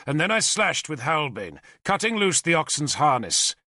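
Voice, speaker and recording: Bright, lively male audiobook narrator. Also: on the high side, moderate pace, no room sound. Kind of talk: first-person audiobook narration.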